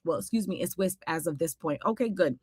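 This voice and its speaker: A woman's voice: on the low side, a little fast, darkish tone, husky, no room sound, studio quality. A woman hosting a casual cartoon recap vlog, talking in a sassy, exclamatory way full of playful asides. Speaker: host.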